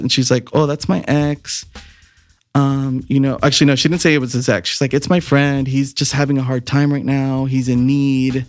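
A man co-hosting a podcast, telling stories in a casual, animated, profane way, often laughing. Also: medium pitch, moderate pace, dry recording, soft background music. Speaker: podcast co-host. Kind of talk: casual chat, storytelling.

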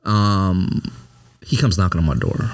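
Brief: man with a fairly low voice, candid storyteller, profane and animated. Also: measured pace. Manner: profane, animated, repeats "you know what I mean". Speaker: service member telling his story.

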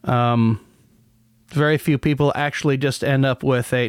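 Male podcast host, sardonic and rambling, smooth resonant tone. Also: mid-range voice, fairly even intonation, moderate pace, no echo. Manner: rambling, many restarts, sardonic. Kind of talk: casual solo commentary.

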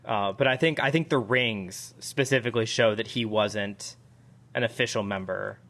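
A man's voice: fairly low pitch, normal speed, fairly bright tone. A man chatting casually on a podcast, making thoughtful points with some stammering restarts. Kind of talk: casual chat about a cartoon episode.

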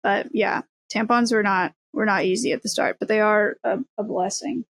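A woman's voice: medium pitch, fairly even intonation, moderate pace, gravelly, dry recording. A young woman co-hosting a podcast, sharing personal stories candidly in casual chat, stringing thoughts together in run-on sentences. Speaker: podcast co-host.

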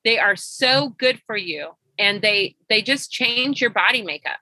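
A woman's voice: mid-range voice, animated, unhurried, sharp tone, no room sound, poor audio. A middle-aged woman health coach telling client stories in an interview, acting out both sides of the conversations. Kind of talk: storytelling interview guest.

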